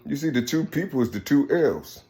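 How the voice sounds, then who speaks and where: A man's voice: medium pitch, expressive, moderate pace, mellow. A man giving a rambling spiritual monologue, repeating himself often. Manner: rambling, repeats "you see" constantly.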